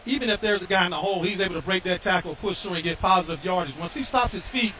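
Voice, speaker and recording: A man's voice: high voice, quick pace, pushed and bright, distant mic, slight background noise. A man giving casual, coach-like color commentary on a football game, talking as part of the team.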